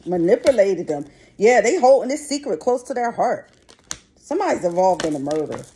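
A middle-aged woman doing a casual tarot reading, blunt and chatty, with curses dropped in freely. Her voice sits at an ordinary middle pitch for a woman. Clear noise runs behind her throughout. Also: sing-song, a little fast, warm tone. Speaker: tarot reader. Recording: noisy background.

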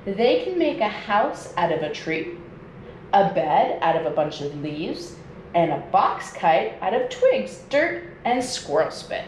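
A woman nature educator reading a children's storybook aloud at home, in a slow and expressive read-aloud manner. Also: on the low side. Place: indoors at home. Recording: echoey room with faint noise.

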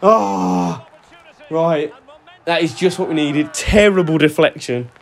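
A young man giving excitable, sweary commentary over a football video game, shouting at his players. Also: a little high, normal speed. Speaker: gaming YouTuber. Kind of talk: live gameplay commentary. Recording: faint music under voice.

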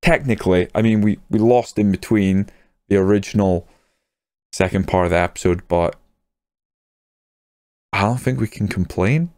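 Excitable man commentating. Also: lowish voice, normal speed, long pauses, no echo. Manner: excitable, swears when a goal goes in. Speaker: gaming YouTuber. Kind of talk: casual game commentary.

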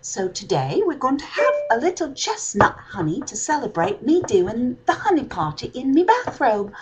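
A woman's voice: sits high, wildly swooping pitch, normal speed, very noisy. A woman hosting a casual home vlog in a put-on British accent, chatty and playful. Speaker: vlog host.

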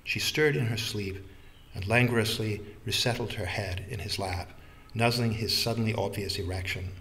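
A man with a fairly low voice narrates a novel in an even, literary reading. There is a faint hiss in the background of the recording. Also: moderate pace. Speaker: audiobook narrator. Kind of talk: scripted narration.

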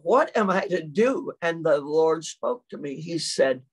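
A woman's voice: low-pitched, expressive, unhurried, breathy edge. An older woman, preaching a sermon and telling a personal story with lots of acted-out quotes.

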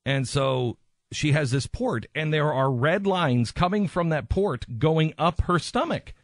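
A man's voice: a little high, expressive, measured pace, no echo, studio quality. A man hosting a radio talk show, speaking in an impassioned, emphatic way and often repeating himself for stress.

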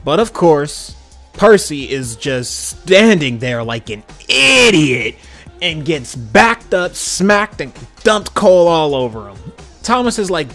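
A man's voice: fairly high pitch, sing-song, slow pace, a bit bright, faint music behind. A young man giving casual, slangy commentary on a cartoon episode, laughing often. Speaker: video commentator.

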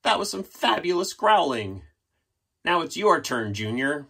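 Male storyteller for children, husky voice, very lively pitch, playful read-aloud. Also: unhurried. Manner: playful, animated, with sound effects and audience prompts.

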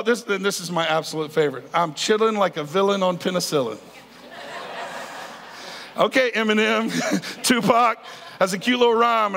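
A pastor in his 50s speaks in a high, gravelly voice with a sharp tone, keeping his sermon conversational and playful while calling out to the congregation. Slight background noise and long hall reverb come from the large sanctuary.

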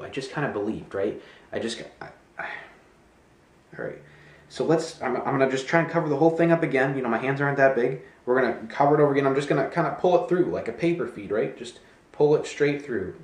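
A man's voice: mid-range voice, a little fast. Rambling man in an echoey room. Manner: animated, rambling, voices his own past thoughts. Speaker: magician presenting a trick. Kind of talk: casual storytelling demonstration.

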